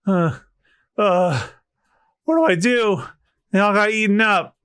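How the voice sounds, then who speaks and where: A man co-hosting a podcast. He reads a comic aloud, voicing the characters with lively, high, shouting lines. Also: slow, clear, resonant tone, no echo, studio quality. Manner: animated, voices characters with high shouting pitch. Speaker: podcast co-host. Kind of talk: manga readthrough, reading lines aloud with voices.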